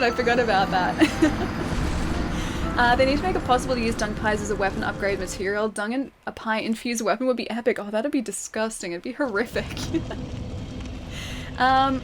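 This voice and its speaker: Australian woman game streamer, chatty and quick to laugh, on a noisy recording. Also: on the high side. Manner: chatty, laughs often, thanks viewers while playing. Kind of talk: live gameplay commentary. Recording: steady background noise.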